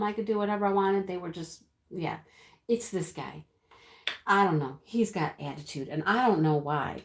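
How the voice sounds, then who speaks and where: A woman's voice: medium pitch, close to an everyday voice. An actress playing a chatty middle-aged woman who tells viewers a dramatic rooster story in a breathless, giggling way. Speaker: livestream storyteller. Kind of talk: sketch comedy monologue to viewers. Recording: roomy echo.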